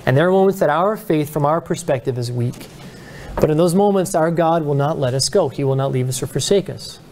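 A man's voice: fairly high pitch, a little mellow, slight background noise. A male pastor teaching a Bible study in an earnest, conversational preaching style, acting out the people he describes. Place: church.

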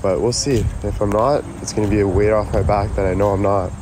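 Male streamer, low voice, rambling and profane, recorded on a phone outside with loud street noise. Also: brisk. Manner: profane, excitable, talks to chat. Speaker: livestreamer. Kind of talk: casual live stream chat. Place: outdoors near a road.

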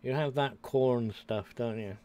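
A man's voice: mid-range voice, unhurried, mellow. An older British man streaming a game, chatting to his viewers and rambling to himself as he plays. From United Kingdom. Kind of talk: casual gameplay commentary.

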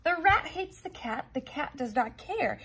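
A woman, a teacher, reading a children's picture book aloud in a sing-song, expressive way. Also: sits high, a little slow, a little hiss or hum.

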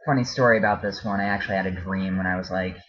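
A man with a low, husky voice rambles through a casual home vlog. He hesitates often, with ums and restarts. The recording sounds dull and lo-fi. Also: steady tone, very fast, a bit bright. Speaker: vlogger.

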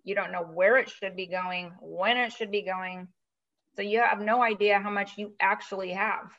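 A woman guest speaking as a financial advisor, telling a long story in a chatty, animated way with many fillers. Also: mid-range voice, normal speed, dull audio. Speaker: guest, virtual CFO. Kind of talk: casual storytelling interview.

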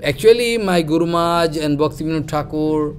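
A spiritual teacher with a voice on the high side gives a devotional storytelling lecture, with slight background noise. He speaks animatedly and haltingly in broken English, using many fillers.

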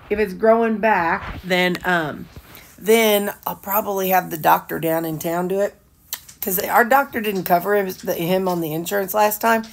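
A woman's voice: on the low side, a little hiss or hum. Rambling woman. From Missouri. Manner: rambling, many fillers and asides. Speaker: vlogger. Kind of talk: casual chat to camera. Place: her home.

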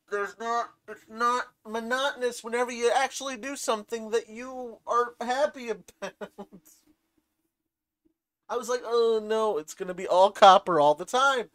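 A woman giving casual gameplay commentary, rambling from low mumbles to excited shrieks and talking to the game's items. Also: moderate pace. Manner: talks to game items, swears casually. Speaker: gaming channel host.

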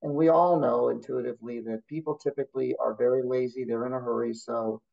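A man's voice: mid-range voice, fairly even intonation, a little fast, creaky, a little mellow, muffled recording. A man, a therapist guest, talking bluntly and telling stories in a casual interview. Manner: blunt, storytelling, competitive.

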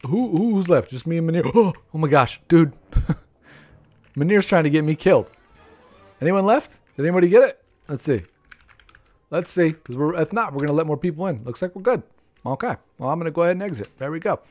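A man commentating live gameplay for viewers, excitable, talking to his players and breaking into high shouts, with keyboard typing behind him. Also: brisk, long pauses, faint music behind. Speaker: game streamer.

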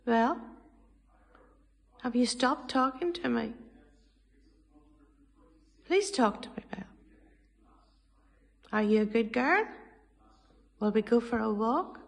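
Gravelly woman coaxing her dog. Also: fairly high pitch, lively intonation, takes it slowly, pauses often, long reverb tail. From Northern Ireland. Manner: coaxing, sing-song pet talk with repeated questions. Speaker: dog owner. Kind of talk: talking to her pet dog.

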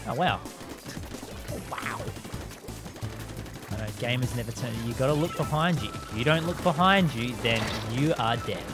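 A live game streamer giving excitable commentary while playing, laughing and taunting opponents and chatting with viewers. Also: mid-range voice, moderate pace, pauses often. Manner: chats with viewers and thanks them. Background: game music.

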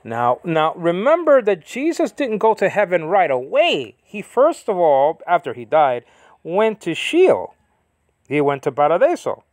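A man teaching the Bible in a casual, rambling monologue, often correcting himself and slowly reading out Greek words. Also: sits high, huge pitch swings, no echo.

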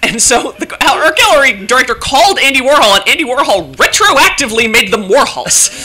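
A woman on a convention panel, telling a story in a chatty, animated way with lots of fillers. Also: sits high, brisk, breathy edge. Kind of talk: casual panel discussion.

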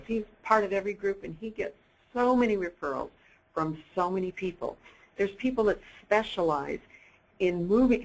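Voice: medium pitch, rough recording. A presenter giving an upbeat sales training webinar, coaching listeners directly and acting out bits of dialogue.

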